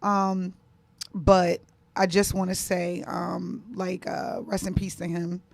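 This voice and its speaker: A woman's voice: on the low side, little pitch movement, slow pace, vocal fry, darkish tone, no room sound. A woman co-hosting a live talk show, chatting casually and telling everyday stories. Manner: chatty storyteller, many fillers. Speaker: co-host.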